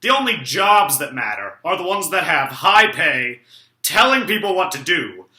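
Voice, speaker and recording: Give me a young man playing a self-important father who blusters, with a lively, swooping voice. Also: a little high, normal speed, roomy sound, exaggerated voice. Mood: lecturing. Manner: blustering, shouts in outrage. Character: pompous bossy businessman father, dismissive.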